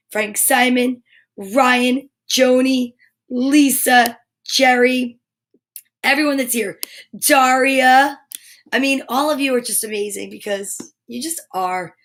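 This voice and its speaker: A woman's voice: sits high, a bit bright. A woman hosting a live story time show, chatting casually with viewers in a bubbly, playful way and reading tongue twisters aloud.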